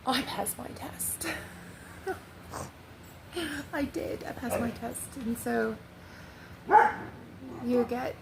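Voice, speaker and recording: A woman giving a rambling spiritual monologue for her vlog. She speaks in a meandering, reflective way and often drops into soft whispers. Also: fairly high pitch, drawn-out words, creaky, long pauses, heavy background noise. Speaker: vlogger sharing spiritual channeling.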